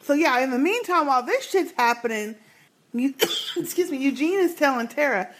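Lady cohost retelling an episode, high voice, acts out the quotes. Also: normal speed. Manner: animated storytelling, acts out quotes. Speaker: podcast co-host. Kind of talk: casual chat recapping a TV episode.

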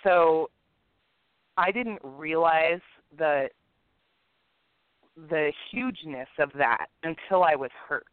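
A woman's voice: low-pitched, slow, pauses often, no room sound. Woman telling a story over a tinny line. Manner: animated, acts out the people in her story. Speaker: podcast co-host. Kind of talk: casual chat, personal storytelling. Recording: tinny phone-line sound.

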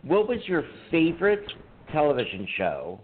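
Man, podcast co-host, casual chat, lively up-and-down voice, profane storyteller, phone-like sound. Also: fairly high pitch, normal speed. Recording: tinny phone-like line with faint noise.

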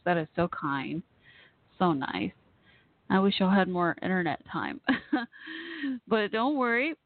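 A woman's voice: mid-range voice, dry recording. Chatty woman host on a tinny line. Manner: chatty, giggly, effusive with listeners. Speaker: radio show host. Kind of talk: casual live call-in chat. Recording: tinny phone-like line, dry.

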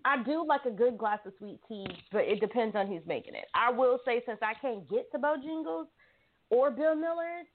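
A woman's voice: fairly high pitch, lively intonation, normal speed, a little hiss or hum. Southern woman hosting her talk show, chatty and teasing, calls everybody y'all, sounds tinny like a phone line. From South Carolina, US. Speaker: show host. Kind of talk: casual talk show chat.

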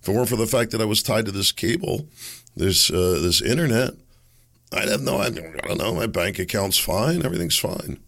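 A man hosting his own podcast while hoarse and losing his voice, talking in a rambling, hesitant, self-mocking way. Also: on the low side, animated, brisk, fairly bright tone. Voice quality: raspy. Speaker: podcast host. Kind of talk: casual solo commentary.

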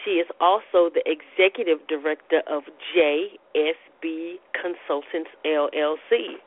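A woman's voice: sits low, measured pace. A woman hosting a casual radio talk show, bubbly and gushing, dropping call-and-response church phrases. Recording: tinny phone-like radio audio.

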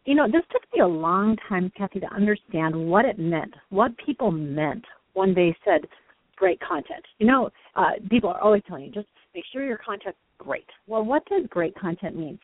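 A woman's voice: mid-range voice, expressive, brisk, hardly any pauses, dry recording. A woman hosts a speaker-training talk, explaining her points eagerly and laughing often. Her voice comes through a tinny phone line with a dry, close sound. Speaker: host. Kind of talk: conversational teaching on a call-in show.

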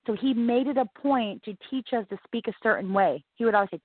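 A woman's voice: on the high side, brisk, breathy edge, no room sound. A woman guest from the American South telling her own life story in an interview, earnest and emphatic, often repeating herself. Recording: tinny phone-like line.

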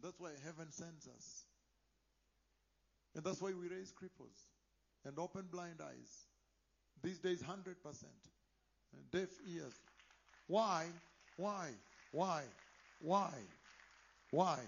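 A man preaching a sermon, moving between quiet asides and loud impassioned declarations. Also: a little high, takes it slowly, gravelly, long pauses, muffled recording.

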